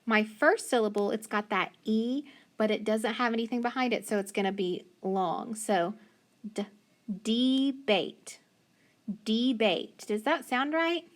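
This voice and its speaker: Patient woman teaching phonics. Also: fairly high pitch. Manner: slow, patient sounding-out of letters and syllables. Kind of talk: phonics lesson.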